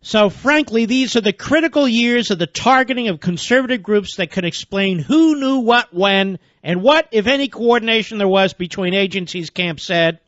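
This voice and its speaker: A fired-up male talk radio host with a fairly high voice, reading the news and then tearing into it with biting sarcasm. His indignant delivery sounds close and dry, with slightly muffled broadcast sound. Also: animated, moderate pace, hardly any pauses, fairly bright tone, no echo.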